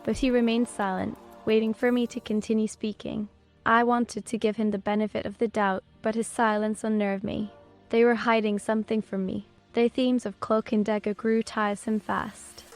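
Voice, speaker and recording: A woman's voice: mid-range voice, flat delivery, normal speed. A woman reading a fantasy audiobook as first-person scripted narration, telling it evenly and unhurriedly. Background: soft background music.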